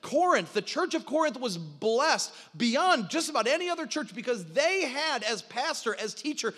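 A man preaching a sermon, animated, acting out quoted lines, with frequent restarts. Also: extremely high pitch, normal speed. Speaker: pastor. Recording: reverberant hall sound.

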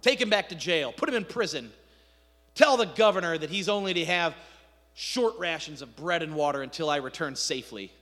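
A man's voice: fairly high pitch, expressive, brisk, fairly bright tone. A man voicing a blustering, hot-tempered ancient king while retelling a story in a sermon. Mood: commanding. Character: angry scheming ancient male king. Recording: echoey hall reverb.

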